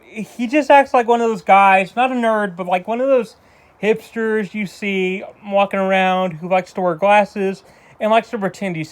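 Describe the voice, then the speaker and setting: High-voiced man rambling through a movie review. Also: clean tone. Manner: rambling, with frequent restarts and loose asides. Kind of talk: casual spoken film review.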